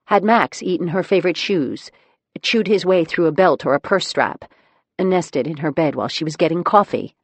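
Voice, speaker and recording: A woman narrating an audiobook in the first person, telling the story in a wry, measured way. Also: fairly low pitch, no room sound.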